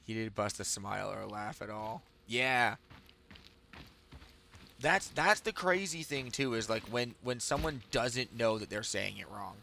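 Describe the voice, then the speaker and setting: Gravelly man telling rambling stories. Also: fairly low pitch, animated, a little slow, sharp tone, slight background noise. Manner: rambling, self-amused storytelling. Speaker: game streamer. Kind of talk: casual chat while streaming a game.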